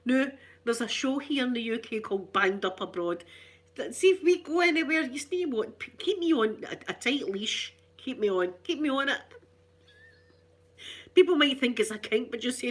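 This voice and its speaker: A woman's voice: fairly high pitch, expressive, moderate pace. A middle-aged Scottish woman chatting casually for her ASMR channel, rambling through cheeky, self-mocking stories. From Scotland.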